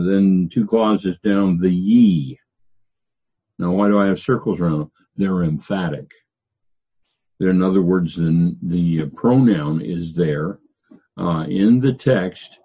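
An older man teaches scripture verse by verse in a deep, husky voice. He halts often with fillers and slows down to read each quotation. The recording is dull and lo-fi. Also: mellow. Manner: halting, many "uh" fillers, reads scripture slowly. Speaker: Bible teacher.

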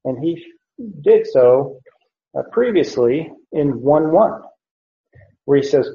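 A man teaching through a Bible passage verse by verse, explaining deliberately and pausing often to correct himself. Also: a little high, expressive. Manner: slow, deliberate explanation with frequent "uh" and self-corrections. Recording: roomy, dull lo-fi recording.

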